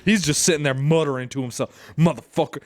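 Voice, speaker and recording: A man's voice: mid-range voice, measured pace, no room sound. A man co-hosting a casual podcast, telling a long, profane story and often laughing through it. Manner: profane, rambling, laughs through his stories. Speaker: podcast co-host.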